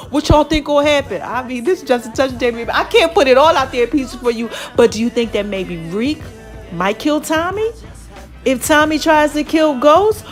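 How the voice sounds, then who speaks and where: A chatty woman host speaks, her voice riding high as she recaps a TV episode. She jumps into the characters' lines with animated delivery, and faint music plays underneath. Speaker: podcast host.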